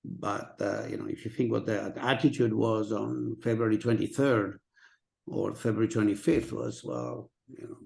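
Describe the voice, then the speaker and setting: A middle-aged man, hosting a casual interview over a video call and talking in halting phrases full of fillers and restarts. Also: fairly low pitch, steady tone, gravelly, darkish tone. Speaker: interviewer and channel host.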